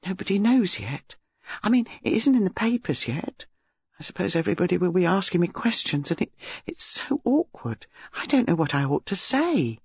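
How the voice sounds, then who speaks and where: Woman voicing a flustered young woman, plaintive, pitch swooping up, husky, dull audio. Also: sing-song, normal speed, a little mellow, no echo, heavily acted. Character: young hotel dancer, flustered and self-pitying.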